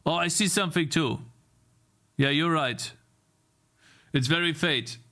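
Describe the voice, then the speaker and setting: A young male streamer codes live and mutters at his bugs as he works. He talks slowly and answers his chat in a casual, frustrated way. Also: on the high side, bright, forceful tone. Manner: frustrated muttering while debugging, talking to chat.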